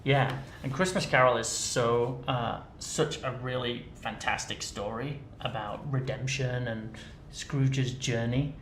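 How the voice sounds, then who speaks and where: An English man talking in a relaxed, explaining way, his voice bright and sharp. The sound is echoey, as in a bare room, with a faint rumble underneath. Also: takes it slowly. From England. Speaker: actor. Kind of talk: live stream chat.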